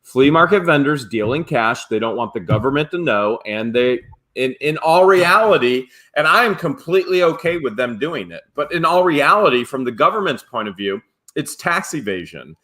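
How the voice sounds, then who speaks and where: Bright-toned rambling guy. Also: mid-range voice, animated, moderate pace. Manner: opinionated, rambling explainer. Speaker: co-host of a live reseller show. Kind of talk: casual chat.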